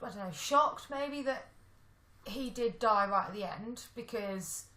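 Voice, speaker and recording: A woman co-hosting a podcast chats casually about films, thinking aloud and apologising for rambling. Her voice is a little high, a little slow, bright and forceful, recorded in an echoey room.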